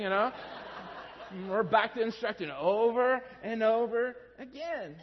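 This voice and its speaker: High-voiced pastor preaching in a big hall. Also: male voice, a little slow, slight background noise. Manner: conversational storytelling, animated when quoting his kids. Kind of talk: sermon. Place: large church sanctuary. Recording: dull sound with long hall reverb.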